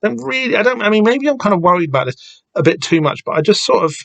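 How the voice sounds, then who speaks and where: A man's voice: high-pitched, big pitch swings, fast, vocal fry, a bit bright, dry recording, dull audio. A man hosting a podcast, talking casually and rambling with many restarts and the odd swear word. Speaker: podcast host discussing a comic.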